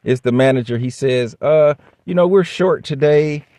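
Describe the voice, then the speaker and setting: A man's voice: on the high side, moderate pace, warm tone, no echo. A man casually telling a workplace story straight to the camera, blunt and profane, acting out both sides of the dialogue. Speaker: vlogger.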